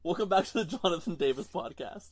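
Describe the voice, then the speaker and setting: A man's voice: sits high, lively intonation, fast talker, vocal fry, slightly rough. A man co-hosting a casual podcast, ranting in an exasperated, emphatic way. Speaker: podcast co-host.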